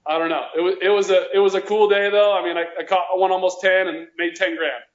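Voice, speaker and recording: A man with a fairly high voice tells casual fishing stories, circling back and restarting as he goes. The sound is roomy and a bit dull. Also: level tone, quick pace. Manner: rambling, with many restarts. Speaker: guest angler. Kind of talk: casual storytelling.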